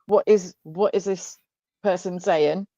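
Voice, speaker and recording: A woman's voice: fairly low pitch, fairly even intonation, slow, mellow, no echo, dull audio. A woman from Bristol with a West Country English accent, chatting on a livestream panel and eagerly cutting in with stories. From England, Bristol. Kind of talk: casual chat.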